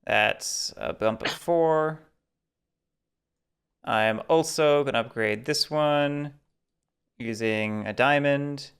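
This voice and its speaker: A man's voice: medium pitch, takes it slowly, creaky, pauses often, a bit bright, clear, resonant tone. A man chatting casually while playing a board game and talking through each of his moves aloud. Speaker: board game teacher and player.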